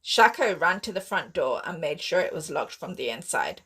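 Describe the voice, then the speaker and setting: A woman author reading her own sci-fi horror novel aloud in steady, expressive audiobook narration. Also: low-pitched, normal speed, breathy edge.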